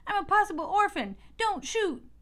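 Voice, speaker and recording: A woman's voice: very high voice, expressive, normal speed, fairly bright tone, pitched above the performer's own voice. A woman reading aloud, voicing a bold young girl sleuth who shrieks when frightened and then turns primly polite. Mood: frantic.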